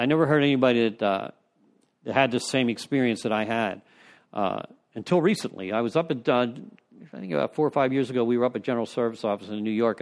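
A man leading a recovery step study, telling rambling conversational stories to a group in a meeting room. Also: medium pitch. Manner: rambling, conversational storytelling with frequent "you know". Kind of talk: informal recovery talk to a group.

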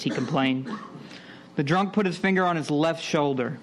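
A man's voice: a little high, expressive, normal speed. A man reading a joke aloud at a meeting in a plain storytelling delivery.

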